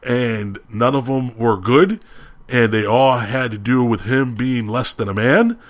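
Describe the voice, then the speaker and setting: A man's voice: mid-range voice, measured pace. Young male podcast co-host, casual storyteller, heated and ranting. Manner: heated, ranting retelling with quoted shouting.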